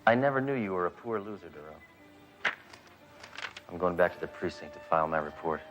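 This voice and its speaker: An actor playing a brash, self-assured male police detective with a deadpan, macho delivery. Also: deep voice, brisk, highs cut off, music in the background. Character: brash trigger-happy male cop, adult. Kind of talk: sitcom acting.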